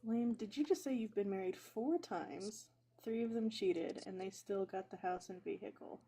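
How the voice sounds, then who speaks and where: A woman co-hosting a casual chat, expressive and quick to laugh. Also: mid-range voice, husky. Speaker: co-host.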